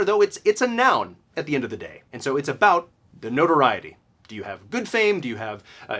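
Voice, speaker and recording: A man teaching a video grammar lesson, explaining in a lively way and often checking in with "okay?". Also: a little high. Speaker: language teacher.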